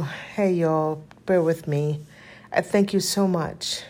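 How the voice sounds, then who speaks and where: A woman in her fifties talks straight to her viewers in an open, earnest way, with a somewhat low voice. She drifts between thoughts, pausing often and filling gaps, with a spiritual tone to how she speaks. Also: very animated, vocal fry, darkish tone. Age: 50s. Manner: earnest, spiritual, rambling with many pauses and fillers. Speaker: lifestyle vlogger. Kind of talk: casual heartfelt vlog.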